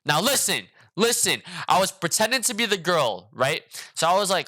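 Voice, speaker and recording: A man vlogger telling a casual story with lots of slang and cursing, animated and quick to joke. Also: a little high, dry recording. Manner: slangy, animated, swears often.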